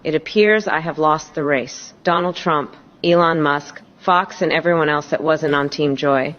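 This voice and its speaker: Parody clip: a bitter, cursing defeated politician, deep-voiced, muffled recording. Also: female voice, normal speed, fairly bright tone. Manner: profane, sarcastic rant. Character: bitter defeated woman politician, foul-mouthed.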